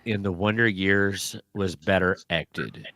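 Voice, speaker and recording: A man's voice: deep voice, slow pace, bright, forceful tone, no room sound. A man co-hosting a casual live podcast, talking in a joking, offhand way.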